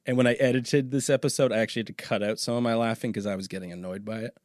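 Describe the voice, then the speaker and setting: A man's voice: mid-range voice, fairly even intonation, very fast, no echo, clean studio sound. A man hosting a podcast in a casual chat, joking, swearing and laughing often. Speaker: podcast host. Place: small home podcast studio.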